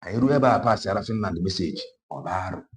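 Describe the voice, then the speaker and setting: A deep-voiced online political commentator speaks at a quick pace in a Nigerian Igbo accent. His monologue on politics is passionate, alternating Igbo with English and leaning on emphatic repetition.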